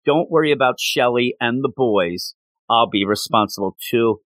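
A man voicing a huge, cold-blooded male crime boss from a comic, speaking low, quiet and unhurried. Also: no room sound, lightly acted. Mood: cold, calm.

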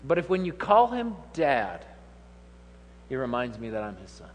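A man's voice: mid-range voice, wildly swooping pitch, moderate pace. A man in his thirties preaching a humorous, conversational sermon with laughing asides. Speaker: pastor. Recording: long hall reverb.

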